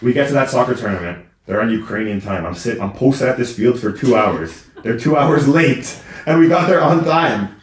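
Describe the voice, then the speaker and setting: A man's voice: mid-range voice, animated, normal speed. A young man co-hosting a podcast, telling boastful stories and teasing his sister in casual banter. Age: young adult. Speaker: podcast co-host. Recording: echoey room.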